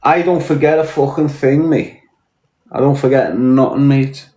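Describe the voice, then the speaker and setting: This Liverpool streamer, Scouse accent and all, bluntly rants and swears on a casual livestream, mentally drained after hours on air. His mid-range voice is dark in tone, fairly even, and measured in pace, recorded with a roomy echo.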